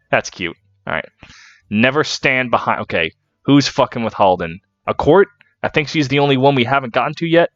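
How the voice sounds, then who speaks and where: A man's voice: medium pitch, fairly bright tone, no room sound. Guy doing a laid-back let's play, jokey and swearing, dry dull home mic. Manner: jokey, laughing, swears freely. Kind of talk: casual gameplay commentary.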